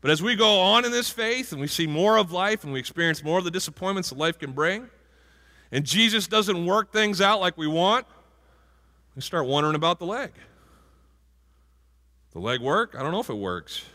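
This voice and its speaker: A man's voice: sits high, a little fast, pushed and bright. A male pastor giving a conversational sermon and asking the congregation questions. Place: church sanctuary. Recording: hall reverb from a church.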